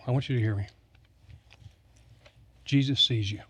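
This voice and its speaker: A man's voice: medium pitch, a little slow, long pauses. A man preaching a sermon, telling stories with humor and repeating lines for emphasis. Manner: storytelling with humor, emphatic repetition. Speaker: pastor.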